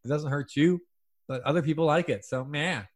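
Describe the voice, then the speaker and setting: A man's voice: fairly high pitch, moderate pace. A man hosting a comedy podcast, playful and hammy, clowning through mock accents with his friends.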